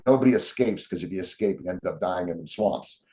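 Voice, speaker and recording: A man with a deep voice speaks a little quickly as a guest on an interview, telling stories. He's an animated storyteller who acts out what the people in his tales said.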